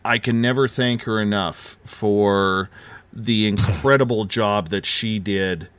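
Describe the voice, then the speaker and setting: A man's voice: on the low side, slow pace, a bit bright, clean tone, dry recording. A man in his forties hosting a radio show, telling a personal story with many fillers and a lot of emotion. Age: 40s. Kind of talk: casual radio chat.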